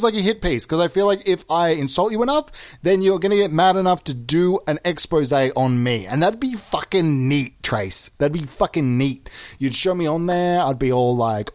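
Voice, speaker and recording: A young man with a high, animated voice, hosting a comedy podcast of improvised prank calls. He lurches between loud outbursts and low mumbles, and his voice sounds close and dry. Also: moderate pace, no room sound.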